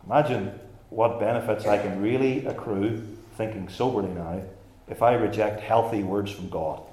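A man's voice: fairly low pitch, normal speed, a little mellow. A man preaching a sermon in an emphatic style, using rhetorical questions. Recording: echoey church room.

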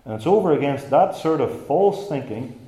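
A man's voice: mid-range voice, lively intonation, moderate pace, warm tone. A man preaching with emphatic, rhetorical force and a voice that swings widely up and down. His words echo through a roomy space. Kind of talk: sermon. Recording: echoey church room.

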